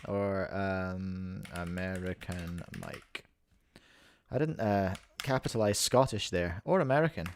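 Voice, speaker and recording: This host and commentator, a New Zealander, speaks slowly in a low voice as he rambles through playful mock sports commentary on his livestream, mocking himself along the way. There's a little hiss or hum in the recording.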